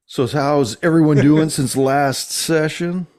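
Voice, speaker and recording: A man's voice: on the high side, slow pace, a little mellow. A man running a tabletop game as game master, chatting casually with swearing and laughter, then narrating the scene. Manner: laid-back, swears and laughs a lot.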